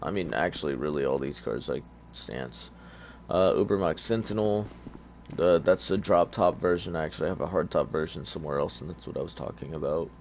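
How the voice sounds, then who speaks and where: A man's voice: a bass voice, fairly quick, darkish tone, slight background noise. A man giving laid-back, rambling commentary over a car game, sleepy and just awake, with many fillers. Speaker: gaming YouTuber. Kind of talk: casual gameplay commentary.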